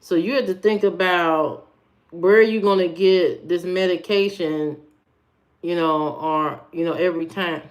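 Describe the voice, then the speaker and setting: Hosting a live stream, this woman from Indiana talks back to her viewers' comments plainly and casually, her Indiana accent clear. She speaks on the low side, at a measured pace with fairly even intonation.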